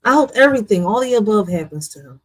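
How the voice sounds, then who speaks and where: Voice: medium pitch, lively intonation, fast, fairly bright tone, poor audio. A true crime commentator speaking bluntly and with profanity, addressing viewers directly in casual reaction commentary.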